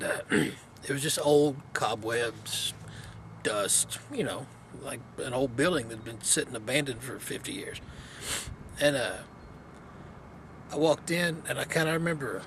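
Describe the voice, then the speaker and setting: A man's voice: medium pitch, a bit bright. A man vlogging outdoors in the cold wind, casually telling a story in a rambling, laid-back way with many fillers.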